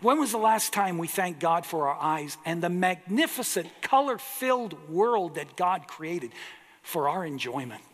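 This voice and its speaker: Slow, earnest preacher in an echoing hall. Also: male voice, high voice, big pitch swings, a bit bright. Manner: earnest, emphatic, drawing out key words. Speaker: pastor. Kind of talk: sermon. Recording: long echo of a large hall.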